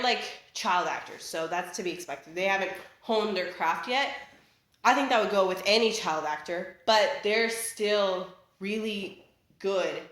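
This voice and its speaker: A woman's voice: medium pitch, a bit bright. A young woman talking casually in a chatty, rambling way, full of fillers and restarts, recorded in her living room. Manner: chatty, filler-heavy, self-interrupting. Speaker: vlogger. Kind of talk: casual rant. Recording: echoey home room.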